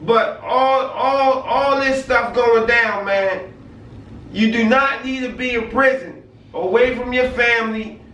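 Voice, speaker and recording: A man with a very high, bright voice talks with motivational urgency, stopping often to ask "you know what I mean". He sounds set back from the microphone in an echoey room. A faint hiss runs underneath. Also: slow. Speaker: guest sharing life story. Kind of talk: casual conversation. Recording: roomy sound from a distant mic with faint noise.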